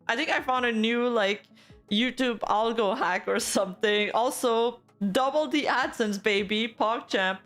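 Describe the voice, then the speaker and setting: A woman's voice: on the high side, measured pace, a bit bright, faint music behind. A young woman who is losing her voice, hosting a live stream in casual chat, bubbly and laughing often. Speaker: streamer host.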